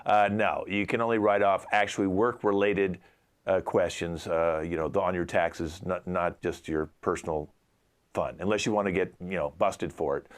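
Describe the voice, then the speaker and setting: An exasperated man playing a call-in tax show host who shoos callers off with deadpan put-downs. His voice sits on the low side, and he performs over a video call in an improv comedy show. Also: normal speed.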